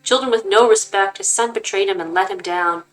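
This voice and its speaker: A woman voicing a guilt-maddened old grandfather who rants and shouts at his family. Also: medium pitch, a little fast, faint music behind, close to an everyday voice, poor audio. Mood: lamenting. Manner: shouting, ranting. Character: raving old male grandfather, guilt-mad, zealous.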